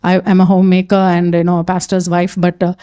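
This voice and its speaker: A woman's voice: lowish voice, completely flat delivery, fast, warm tone, smooth. A middle-aged woman, a pastor's wife, talking casually to a group of women. She keeps asking "right?" and saying "you know what".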